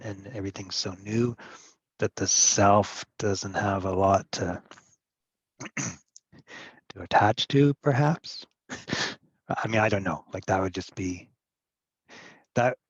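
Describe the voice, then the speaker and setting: Slow, husky low-voiced man. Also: dry recording. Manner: slow, halting, thoughtful, laughs often. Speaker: co-host. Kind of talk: casual reflective chat. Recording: dry, muffled lo-fi audio.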